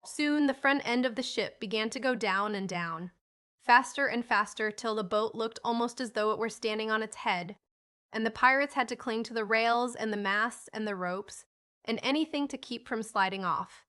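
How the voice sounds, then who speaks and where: A woman's voice: a little high, bright, forceful tone. A woman narrating a children's storybook audiobook, reading each character in a lightly lifted voice.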